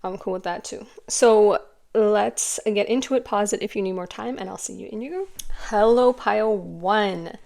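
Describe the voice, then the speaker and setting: A woman's voice: medium pitch, normal speed, gravelly, darkish tone. A woman giving a casual intuitive card reading to camera, chatty and rambling with many restarts. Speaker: tarot card reader.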